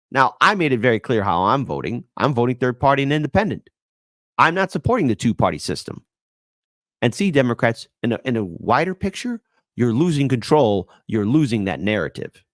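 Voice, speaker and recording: A man's voice: mid-range voice, big pitch swings, brisk, fairly bright tone, no echo, studio quality. A man hosting live-stream political commentary in a sarcastic, mocking way, laughing at his own jokes.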